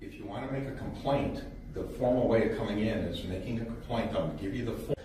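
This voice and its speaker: A desk officer speaking in a calm, measured, procedural way. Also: male voice, on the low side, far from the mic. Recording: echoey room with background noise.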